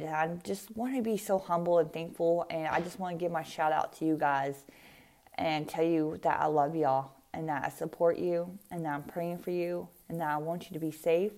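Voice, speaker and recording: Woman, low voice, vocal fry, casual tarot podcast host, emphatic, tags points with "right?". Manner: warm, emphatic, repeats "right?" and "okay?". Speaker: podcast host giving tarot card readings. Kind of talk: casual spiritual podcast monologue.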